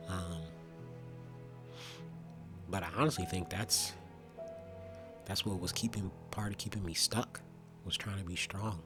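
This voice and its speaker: A young man speaking earnestly and reflectively about his own experience, with frequent pauses and restarts. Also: lowish voice, fairly even intonation, over music. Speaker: vlogger. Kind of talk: personal testimony monologue.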